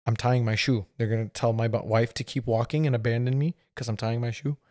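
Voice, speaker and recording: Man, 30s, podcast host, casual rambling storyteller, laughs mid-sentence, average pitch, dry sound. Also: a little fast, no echo. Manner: rambling, animated, laughs through his story.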